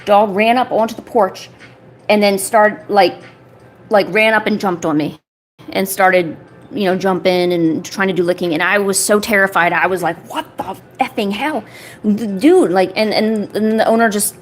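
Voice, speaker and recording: A woman's voice: medium pitch, steady tone, moderate pace, slight background noise. A woman art streamer chatting casually while she works on a paper craft, rambling along and filling her talk with "you know" and "like".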